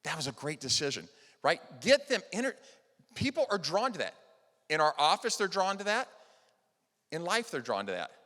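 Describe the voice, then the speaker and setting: A man giving a motivational conference talk, telling a personal story earnestly, rising to loud emphasis and dropping to soft, hushed lines. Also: on the high side, big pitch swings, normal speed, long pauses. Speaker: conference speaker. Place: large event hall. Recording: long hall reverb.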